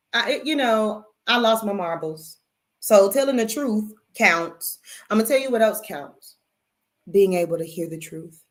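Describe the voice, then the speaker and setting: A woman host spins a personal story in loose, casual talk, cursing as she goes. She speaks straight to her listeners and keeps calling them y'all. Her pitch sits in a middle range for a woman. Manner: animated, profane, addresses audience as y'all.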